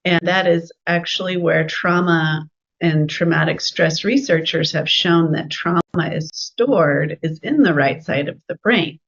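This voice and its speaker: A woman's voice: on the low side, a little slow, muffled recording. A woman from California with a Californian accent, a guest explaining her work as an art therapist in a chatty, enthusiastic way. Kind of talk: interview answers, explanatory.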